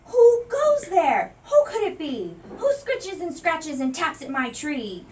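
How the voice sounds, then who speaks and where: A nervous little boy mouse from a picture book, read aloud by a woman, his high voice leaping around as his worry turns to bravery. The voice sits back from the microphone. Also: very animated, fairly quick, slight background noise. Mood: hollering. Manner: anxious, then hollering bravely. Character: timid little male mouse, jumpy but kind. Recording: voice from a distance from the mic.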